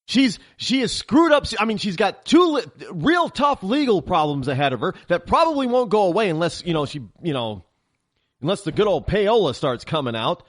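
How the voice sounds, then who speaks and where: A man's voice: sits high, very animated, normal speed, no room sound, studio quality. A man hosting a political talk show, ranting heatedly in a monologue and often stammering and restarting.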